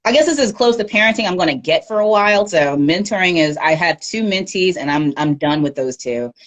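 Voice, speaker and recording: A woman speaking as a guest in a casual livestream interview, candid and animated, often laughing, on a phone or webcam mic. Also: on the low side, fairly quick. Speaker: guest media professional.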